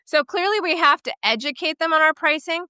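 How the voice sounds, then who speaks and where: Emphatic, bright-voiced woman co-host. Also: high voice, fairly quick, no echo, studio quality. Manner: animated and emphatic, often asking "right?". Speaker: podcast co-host and portrait studio owner. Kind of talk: casual podcast discussion.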